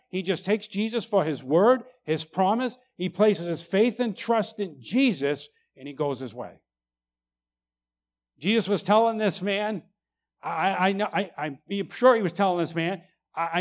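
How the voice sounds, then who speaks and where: A man preaching a sermon, emphatic, tagging lines with "right?" and swinging between loud and quiet. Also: high voice, lively intonation, normal speed. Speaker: pastor.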